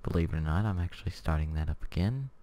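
A young man hosting a casual let's-play, chatty and excitable, with lots of fillers and little laughs to himself, keyboard clicks behind. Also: sits low, quick pace. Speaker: gameplay channel host. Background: keyboard typing and clicking.

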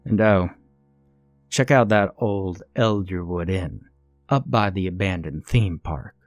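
A man's voice: low-pitched, takes it slowly, no room sound, faint music behind. A man voicing a small, evasive old country shopkeeper woman with a drawl, in a narrated horror story. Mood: curt.

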